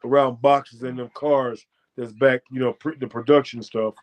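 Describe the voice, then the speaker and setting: An American man, a former fighter, telling a profane, boastful story as a guest and breaking into loud shouted quotes. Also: mid-range voice, fairly even intonation, moderate pace. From United States. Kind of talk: animated storytelling.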